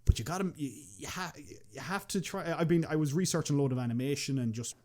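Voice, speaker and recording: A young man with an Irish accent talks quickly in a loose podcast chat. He rambles, restarts his sentences and swears casually. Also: a little high, a little mellow. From Ireland. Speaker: podcast guest, machinima creator.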